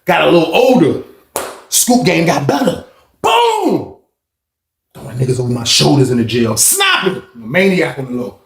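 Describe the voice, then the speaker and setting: Animated man telling a story, roomy echo. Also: fairly high pitch, fast talker, vocal fry. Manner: animated, profane street slang with vocal sound effects. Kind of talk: casual storytelling.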